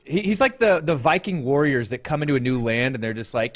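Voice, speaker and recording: Highish lively guy cracking jokes in a roundtable chat. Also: fairly quick, few pauses. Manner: animated, jokey, does silly voices. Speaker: podcast co-host.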